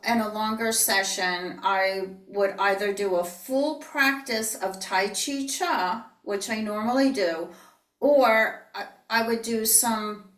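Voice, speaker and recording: A woman teaching tai chi in an online class, calmly cueing each step and breathing out whispered healing sounds. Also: mid-range voice, distant mic. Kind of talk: online movement class instruction. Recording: echoey room, voice heard from off the mic.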